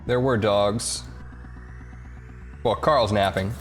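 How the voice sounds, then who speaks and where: A man's voice: on the low side, slow pace. A man streaming a game from home, casually chatting, joking and reading chat messages aloud. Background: game music.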